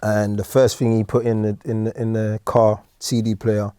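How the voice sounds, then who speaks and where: A man's voice: on the low side, normal speed, clear, resonant tone, no room sound. A middle-aged man with a London accent, telling stories casually as a guest in an interview, full of slang. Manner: relaxed storytelling with slang and laughs. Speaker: guest actor.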